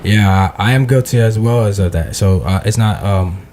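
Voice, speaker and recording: A man hosting a podcast in casual talk, speaking haltingly with many fillers and restarts. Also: lowish voice, a little mellow, slight background noise. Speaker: podcast host. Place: podcast studio.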